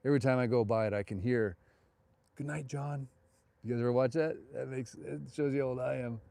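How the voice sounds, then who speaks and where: A man's voice: medium pitch, fairly even intonation, quick pace, gravelly, dark tone, dry recording. A middle-aged man hosting a live walking tour at night, chatting and digressing as he goes, recorded on a phone outdoors. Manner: rambling, digressive, chatty asides. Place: outdoors on a town street at night.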